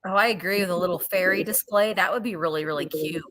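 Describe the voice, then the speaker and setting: Quick, bright-voiced woman co-host. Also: lowish voice. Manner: eager, quick interjections. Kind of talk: casual chat during a live sale.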